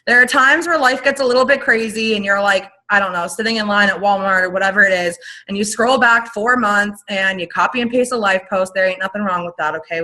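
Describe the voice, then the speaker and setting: Young woman, upbeat team coach, bright high-ish voice, rambling, fast restarts, video call. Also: low-quality recording. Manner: energetic, animated, rambling with restarts. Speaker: network marketing team leader.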